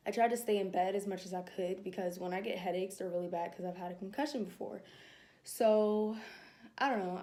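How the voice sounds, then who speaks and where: A young woman telling a personal story to camera in a casual vlog, animated and laughing as she acts out her own thoughts. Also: mid-range voice. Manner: animated, laughing, acting out her inner dialogue. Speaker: vlogger.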